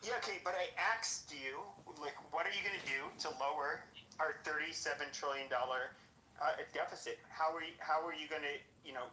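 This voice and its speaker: A man with a bright, sharp tone who keeps pushing the same rambling question. His voice is recorded in an echoey room. A faint hiss of noise sits underneath it. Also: on the high side, fairly quick. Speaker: stream caller. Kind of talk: casual livestream chat.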